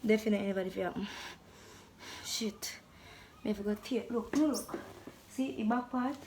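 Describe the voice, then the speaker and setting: A young Jamaican woman chats playfully to the camera in a casual vlog, animated and slipping into patois. Her voice is medium in pitch at a moderate pace, with a little hiss or hum in the audio.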